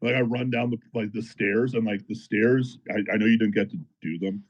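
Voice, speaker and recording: A man telling a story in a casual podcast chat, animated and profane, as a powerlifter guest. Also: fairly low pitch, fairly quick, muffled recording. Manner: animated, profane, fired-up retelling.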